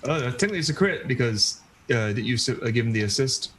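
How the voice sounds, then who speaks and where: A man's voice: mid-range voice, animated, fast talker, a bit bright, slight background noise, rough recording. Laid-back man running a tabletop game. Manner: laughing, loose, describing actions casually. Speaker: game master.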